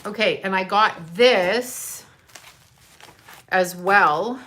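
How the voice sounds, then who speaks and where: A woman with a bright, clear-edged voice talks casually to her viewers on a live stream. She is chatty, effusive and a little scattered, and she speaks from indoors at home into a camera mic. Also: mid-range voice, very slow. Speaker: livestream host.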